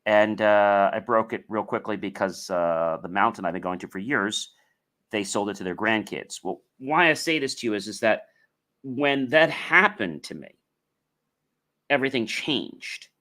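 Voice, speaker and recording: A man's voice: on the low side, animated, unhurried, pushed and bright. Rambling male podcast host. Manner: rambling, searching for words with fillers. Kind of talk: podcast interview.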